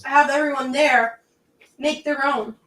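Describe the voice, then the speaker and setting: A woman's voice: high voice, fairly even intonation, measured pace, a bit bright, far from the mic. A bubbly, talkative woman from Canada co-hosting a casual livestream. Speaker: livestream co-host. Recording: roomy sound from off the mic.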